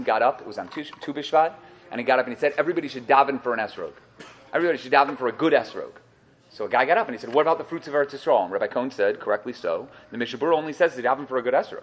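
A man teaching a Torah class to listeners, storytelling and joking as he goes and acting out the voices in his stories. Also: medium pitch. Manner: lively storytelling, acts out voices, jokes with listeners.

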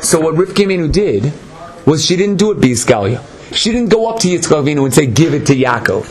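A man giving an animated Torah lecture, dramatic and acting out the voices of the people in his story. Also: quick pace. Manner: dramatic, acts out voices, swings between high and low. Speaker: Torah teacher.

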